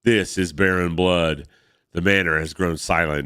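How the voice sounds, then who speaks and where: A man's voice: deep voice, steady tone, unhurried, pushed and bright, clean tone, dry recording, studio quality. A man hosting a podcast, reading a comic aloud with dramatic narration and enthusiastic asides. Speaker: podcast host.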